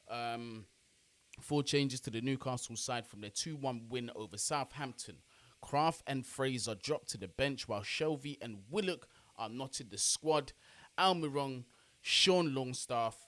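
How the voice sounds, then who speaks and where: A young man, chatting casually on a football watch-along live stream and giving shout-outs to his chat. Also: mid-range voice.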